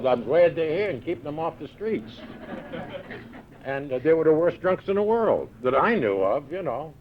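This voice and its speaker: His voice sits high and sing-song at a normal speed as this older American man tells a wry story poking fun at himself during a recovery meeting, voicing the dialogue himself. A live audience fills the large hall, and the 1978 tape sounds dull and lo-fi.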